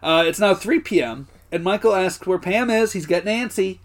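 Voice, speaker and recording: Animated man recapping, slightly high voice. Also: normal speed. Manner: animated, swears, laughs often, acts out characters' lines. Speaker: podcast co-host. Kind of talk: casual recap chat.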